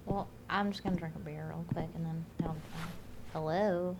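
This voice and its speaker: A woman's voice: low voice, fairly even intonation, normal speed, creaky. A woman streaming a game, chatting and joking with exclaimed lines and muttered asides. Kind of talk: casual game stream chat. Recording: noisy stream audio.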